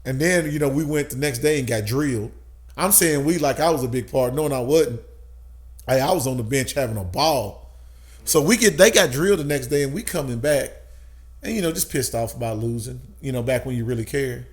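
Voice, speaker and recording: Animated man telling stories. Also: medium pitch, brisk. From Tennessee, USA. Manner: animated, laughs often, swears. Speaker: guest. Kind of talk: casual storytelling.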